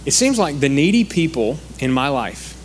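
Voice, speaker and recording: A man's voice: fairly high pitch, big pitch swings, normal speed, slight background noise. A man preaching a sermon in a conversational way, acting out the quoted speakers.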